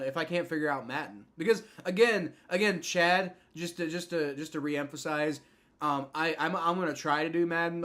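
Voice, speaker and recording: A young man with a slightly high voice hosts a casual live stream, calling the game play by play. He rambles and restarts his sentences often, full of fillers, and jumps up with excitement when a big play happens. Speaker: livestream host. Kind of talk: live fan reaction and play-by-play.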